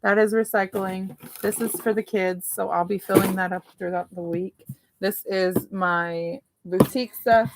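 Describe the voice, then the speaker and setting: Amid a noisy background, a woman livestreams from her dining room as a mom vlogger, sorting craft supplies and thinking out loud in a chatty, rambling decluttering chat. She speaks a little slowly in a mid-range voice with fairly even intonation.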